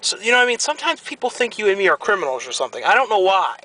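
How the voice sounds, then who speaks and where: A young man vlogging, chatting casually and ranting with animated, rambling complaints. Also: high-pitched, rapid-fire, rough recording. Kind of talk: casual chat.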